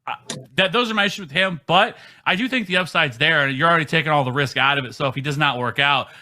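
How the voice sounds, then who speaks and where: Male podcast host, bright and emphatic, casual sports talk. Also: fairly high pitch, a little hiss or hum. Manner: emphatic, quick, frequent ums. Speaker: fantasy football podcast host.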